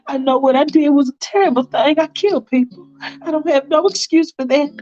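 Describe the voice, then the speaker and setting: A woman's voice: sits high, fairly quick, warm tone, soft background music, voice pushed up, lightly acted. A woman voicing a remorseful woman on trial, confessing earnestly. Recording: dull lo-fi recording.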